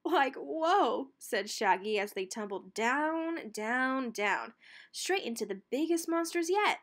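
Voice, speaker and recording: A woman narrating a children's picture book read-aloud with expressive storytelling. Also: a little high, measured pace.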